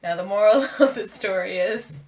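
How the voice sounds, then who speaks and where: A young adult woman from the Philadelphia area, co-hosting a casual podcast and telling rambling, animated stories full of "like". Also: mid-range voice, moderate pace, a little hiss or hum. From Philadelphia area, USA. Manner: rambling, animated storyteller with heavy "like" fillers. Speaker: podcast co-host. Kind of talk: casual chat.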